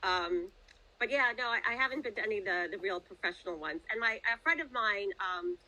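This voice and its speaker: A woman's voice: mid-range voice, animated, brisk, pushed and bright, poor audio. Chatty middle-aged woman author. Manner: chatty, hesitant, many fillers. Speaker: guest author. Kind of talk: casual podcast interview.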